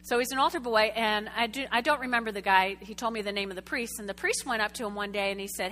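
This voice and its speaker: A woman preaching a sermon to a congregation, telling a story with lively, chatty asides and questions to the room. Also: mid-range voice, fast, few pauses, slight background noise. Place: church sanctuary before a congregation.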